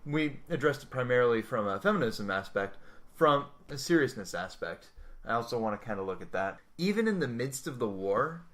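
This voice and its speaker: A man's voice: mid-range voice, sing-song, fairly quick, fairly bright tone. A man co-hosting a podcast, chatting casually about comics and war history with thoughtful tangents. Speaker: podcast co-host.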